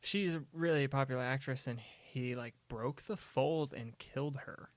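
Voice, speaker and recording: A man's voice: mid-range voice, moderate pace, no echo. A young man co-hosting a podcast, chatting casually and rambling about movies, saying "man" and "like" a lot. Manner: laid-back, rambling, says "man" and "like" often. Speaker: podcast co-host. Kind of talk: casual chat.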